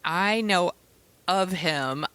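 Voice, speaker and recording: A woman's voice: on the low side, drawn-out words, fairly bright tone, clean tone, no echo. A woman co-hosting a podcast, chatting playfully and running through plugs and source lists. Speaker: podcast co-host. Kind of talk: casual podcast chat.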